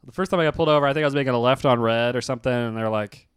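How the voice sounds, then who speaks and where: A young adult man chatting casually on a podcast, telling animated stories, laughing often and acting out other people's voices. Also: medium pitch, very fast, smooth, dry recording, clean studio sound. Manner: animated storyteller, laughs a lot, acts out quoted voices.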